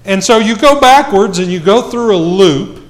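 A man preaching a sermon, telling a self-mocking story with lively swings in his voice. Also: high voice, normal speed.

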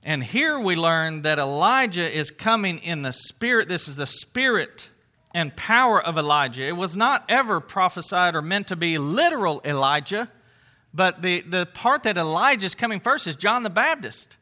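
A man giving a conversational Bible teaching, earnest and emphatic, often pausing on fillers and restarting phrases. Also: sits high, very animated, bright, forceful tone.

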